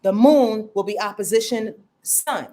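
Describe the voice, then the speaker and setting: A woman's voice: medium pitch, measured pace, dark tone, slight background noise. A woman hosting a casual astrology forecast, brash and profane, playfully acting out quotes. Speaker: astrologer host.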